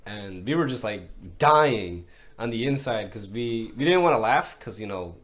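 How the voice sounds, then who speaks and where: A man's voice: fairly low pitch, expressive, normal speed, fairly bright tone. A man co-hosting a podcast, chatting casually and laid-back, with frequent "yeah, yeah" fillers. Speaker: podcast co-host. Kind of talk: casual chat.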